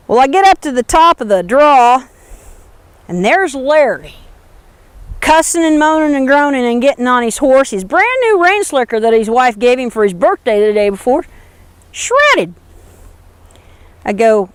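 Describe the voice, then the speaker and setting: A woman telling a story in a folksy, animated spoken manner. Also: fairly high pitch, normal speed, smooth, dry recording.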